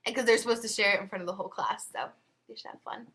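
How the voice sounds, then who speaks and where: A woman's voice: mid-range voice, very fast, sharp tone. A teenage girl chatting casually to her webcam at home, giggly and full of asides. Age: teens. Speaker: vlogger.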